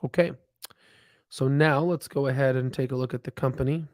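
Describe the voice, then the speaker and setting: Casting note: male stock-stream host, middle pitch, loose and rambling, dry close sound. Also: steady tone, normal speed, darkish tone, no echo. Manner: rambling, filler-heavy, thinks aloud with restarts. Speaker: stock market livestream host. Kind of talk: casual live chat while reading charts.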